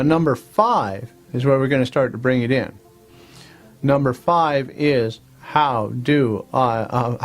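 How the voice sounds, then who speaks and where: Coaxing man giving a self-help talk. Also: mid-range voice. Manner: coaxing, repetitive, checks in with "all right?". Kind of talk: motivational talk to camera.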